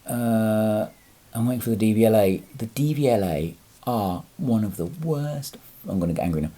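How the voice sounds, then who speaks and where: Husky-voiced, low man ranting in a vlog. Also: animated, a little fast, warm tone. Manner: rambling, frequent fillers and restarts, swears when angry. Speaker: lorry driver vlogger. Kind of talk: casual vlog monologue.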